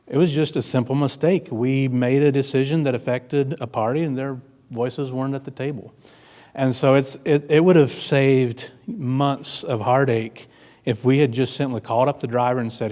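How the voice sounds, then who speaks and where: Male conference speaker, mid-pitched, earnest storytelling delivery, plain and conversational. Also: darkish tone. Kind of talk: keynote talk. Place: conference room before an audience.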